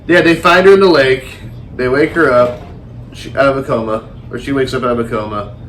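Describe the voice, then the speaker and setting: Male co-host, casual film chat, mid-pitched, rambling and animated, light background noise. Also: a little fast. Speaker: podcast co-host. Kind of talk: casual movie review chat.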